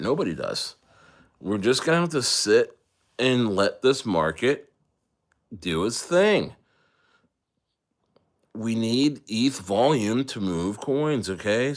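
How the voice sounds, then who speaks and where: A man's voice: medium pitch, very animated, slow pace. A man talking casually on his crypto livestream, rambling and joking with frequent profanity and laughter.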